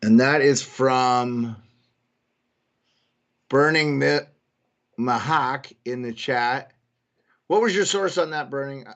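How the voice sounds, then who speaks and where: A young man hosts a live stream at medium pitch, speaking slowly with long pauses and a slightly bright tone. He chats casually with viewers, greeting them by name, and thinks aloud while reacting to news as it breaks in this live chat commentary.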